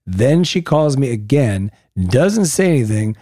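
A man co-hosting a podcast in casual chat, calm and low-key with a teasing edge. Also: measured pace, dry recording, clean studio sound. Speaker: podcast co-host.

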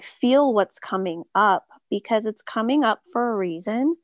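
Woman, Reiki practitioner, soft-spoken, filler words, remote call, dry sound. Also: on the high side, expressive, a little slow, hardly any pauses, no room sound. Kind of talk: casual interview talk.

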